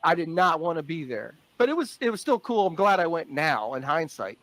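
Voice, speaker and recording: A man telling a story in an animated, emphatic way. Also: fairly high pitch, a little fast, dry recording.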